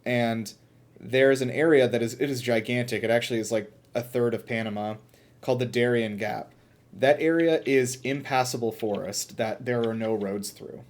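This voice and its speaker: A man's voice: medium pitch, steady tone, normal speed. A young man co-hosting a casual podcast, rambling with lots of fillers and restarts. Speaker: podcast co-host. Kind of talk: casual chat.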